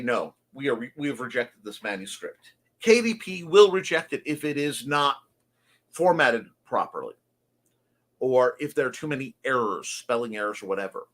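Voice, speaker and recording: A man's voice: medium pitch, fairly bright tone. A man hosting a creative morning show, talking earnestly and confessionally in a folksy way. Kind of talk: reflective monologue.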